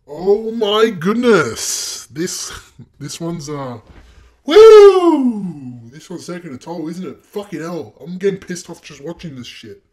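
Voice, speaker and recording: A young man with a fairly high voice commentates over his own gameplay footage. He is exasperated, swears nonstop and yells insults at himself. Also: normal speed. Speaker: gaming video creator.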